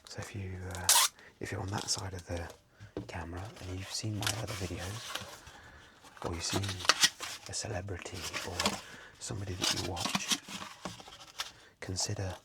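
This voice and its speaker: A man, softly whispering as he chats casually and rambles during an ASMR video. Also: sits low, level tone, normal speed, vocal fry, very noisy. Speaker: card seller and streamer. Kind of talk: soft-spoken ASMR chat. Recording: loud crinkling packaging close to the mic.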